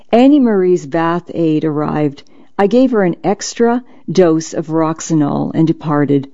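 A narrator reading a memoir in a gentle, measured, reassuring way. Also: medium pitch, muffled recording. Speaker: audiobook narrator.

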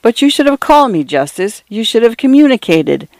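A man voicing an excitable, dramatic middle-aged man who exclaims and falters. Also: extremely high pitch, brisk, gravelly, dry recording, voice pushed up, heavily acted. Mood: agitated.

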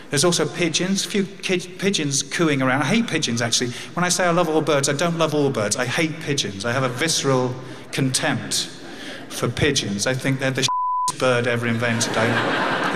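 A man's voice: medium pitch, a bit bright, a little hiss or hum. An English man in his fifties telling a personal story, with wry humour and grief. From England. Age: 50s. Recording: long hall reverb.

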